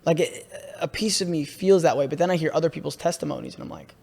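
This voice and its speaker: Young guy telling a wild story on a podcast, kinda high voice, lots of "bro", echoey room. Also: fast talker, vocal fry, husky. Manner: excitable, repeats himself, says "bro" a lot. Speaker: podcast host. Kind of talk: casual podcast chat, storytelling. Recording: room with long reverb.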